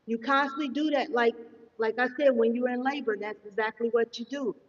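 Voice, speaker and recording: Fast-talking woman teaching from afar. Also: on the high side, fairly even intonation. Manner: fast-talking, says so herself; instructive, checks in often with "okay?". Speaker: spiritual teacher. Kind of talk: live-streamed meditation lesson, answering chat. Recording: distant, echoey, dull sound.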